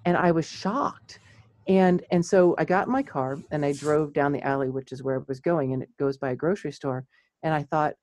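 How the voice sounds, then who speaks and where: A middle-aged woman, a clinical psychologist, chatting casually and telling lively stories with frequent laughs. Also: sits low, normal speed, no room sound. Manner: animated storyteller, laughs often.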